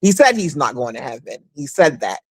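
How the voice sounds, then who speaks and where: A woman's voice: a bass voice, very animated, a little fast, a little mellow, breathy edge, no room sound, poor audio. A woman hosting a casual livestream chat, talking frankly and rambling with lots of restarts. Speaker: livestream host. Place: abroad, away from home.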